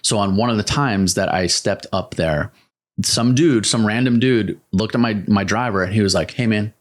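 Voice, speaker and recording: A man from California with a low voice talks through a story as a podcast guest. He is in his thirties and speaks loosely, with plenty of "like" and false starts. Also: moderate pace. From California, USA. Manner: lively storytelling full of "like" and restarts. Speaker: guest, active-duty soldier. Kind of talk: casual podcast interview.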